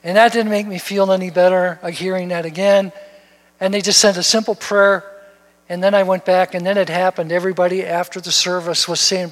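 A man with a high voice preaches in a large hall, his words trailing in long reverb. He tells stories in an animated way, doubling words as he pushes on. An older pastor. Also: fairly quick. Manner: storytelling, animated, repeats words when excited. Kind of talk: sermon. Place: church sanctuary.

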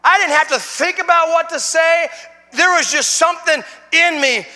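High-voiced emotional preacher man. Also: moderate pace, long reverb tail. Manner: emotional, swings from hushed to shouting. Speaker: guest speaker. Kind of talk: sermon testimony.

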